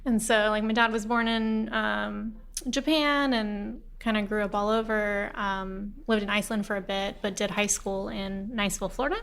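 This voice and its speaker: A woman's voice: mid-range voice, steady tone, moderate pace, gravelly, fairly bright tone, clear, resonant tone. A woman from Alabama as a podcast guest, talking in a dry, wry, self-deprecating way. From Huntsville, Alabama, USA. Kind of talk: casual interview chat.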